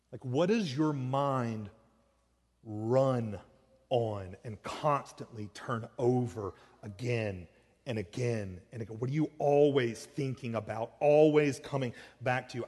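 A man preaching a sermon in a relaxed, conversational way that climbs now and then into excited, emphatic peaks. His voice sits at an ordinary middle pitch. It carries the long reverb of a large church hall. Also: slightly rough. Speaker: pastor.

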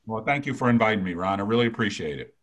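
A man in his sixties, a retired executive, talking earnestly as an interview guest and telling a story in a measured way, often repeating words as he thinks. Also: lowish voice, expressive, a bit bright. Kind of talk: conversational storytelling.

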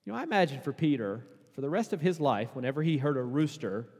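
A man preaching a sermon as pastor, conversational and casual, building to emphatic, louder peaks. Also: medium pitch, animated, fast talker, husky. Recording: long hall reverb.

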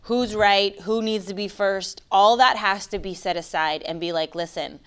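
A woman co-hosting a casual chat with her husband, animated and quick to laugh, often acting out what people say. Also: mid-range voice, clear, resonant tone. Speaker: co-host.

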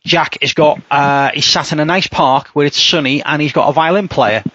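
A man's voice: a little high, moderate pace, pushed and bright, no room sound, lo-fi sound. A man hosting a casual podcast chat, rambling and self-mocking with frequent laughs. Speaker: podcast host.

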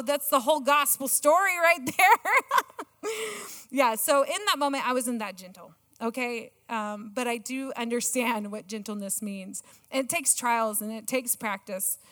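Excitable woman preaching in a hall. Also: a little high. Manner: excitable and self-mocking, laughs often. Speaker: church speaker. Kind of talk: sermon with personal story. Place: church auditorium. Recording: long church hall reverb.

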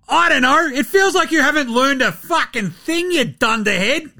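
A man's voice: extremely high pitch, lively intonation, normal speed, few pauses, sharp tone, no echo, studio quality. An Australian man hosting a basketball podcast, ranting in exasperation with heavy swearing and mockery. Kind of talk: ranting commentary.

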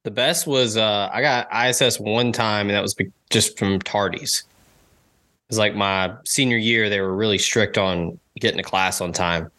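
Casting note: young man, low-ish voice with a bright, forceful edge, loose storyteller who acts out quotes. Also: moderate pace. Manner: animated storyteller acting out quotes. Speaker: podcast co-host. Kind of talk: casual storytelling chat.

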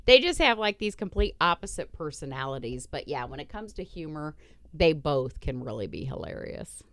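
A woman's voice: sits low, expressive, normal speed, a bit bright, no echo. Blunt, profane middle-aged woman host. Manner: blunt, profane and laughing often. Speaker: podcast host. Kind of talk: casual chat.

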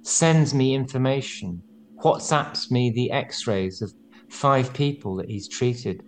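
A man in his sixties talks as an interview guest at a middling pitch. He presses his points hard, and his voice climbs whenever he gets heated. The delivery is conversational but urgent. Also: takes it slowly. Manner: animated and insistent, voice rising as he gets worked up. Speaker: interview guest, former nurse and researcher.

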